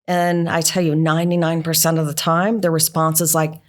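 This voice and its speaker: A middle-aged woman speaks in a low, grounded voice. She tells workplace stories as an interview guest, earnest and measured, often ending points with a quick "right?". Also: flat delivery. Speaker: NASA engineering leader, interview guest. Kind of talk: conversational storytelling.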